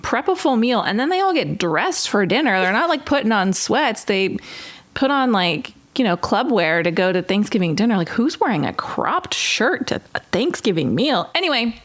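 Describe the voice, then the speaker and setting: A woman's voice: mid-range voice, big pitch swings, moderate pace, fairly bright tone. A woman co-hosting a podcast, chatting casually and in an exasperated way, with lots of "like". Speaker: podcast co-host. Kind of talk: casual chat recapping a reality show.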